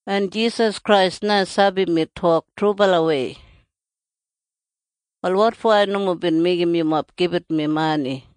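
A reader with an Australian Kriol accent, reading scripture aloud in a steady, earnest recitation. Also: mid-range voice, clean tone, no room sound.

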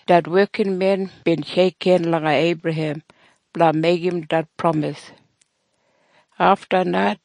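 A man narrating a scripture story in a slow, measured storytelling manner. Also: sits high, no echo.

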